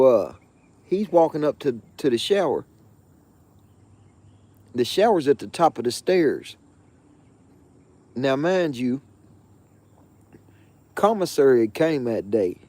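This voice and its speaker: A man hosting his own show, telling a jail story in a profane, slangy, animated way with frequent asides. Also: mid-range voice, no echo. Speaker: show host. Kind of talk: casual storytelling of a jail anecdote.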